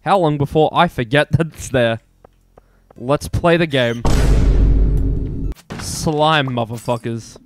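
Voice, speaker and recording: A man's voice: medium pitch, slow pace, pauses often, music in the background. A young Australian man giving rambling, profane, self-mocking commentary over his own gameplay. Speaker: gaming YouTuber.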